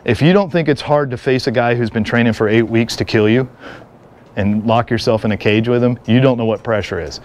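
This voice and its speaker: A middle-aged man teaching a live seminar, an energetic instructor who jokes and tells stories to the class. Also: mid-range voice, brisk. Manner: energetic, joking storyteller. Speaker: firearms and martial arts instructor.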